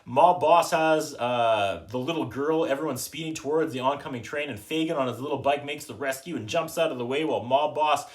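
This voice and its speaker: A man hosting a podcast, recapping a movie in a casual, sarcastic way, often trailing off softly at the end of a thought. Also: mid-range voice. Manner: dry, joking, quotes characters in quick put-on voices. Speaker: podcast host reviewing a movie.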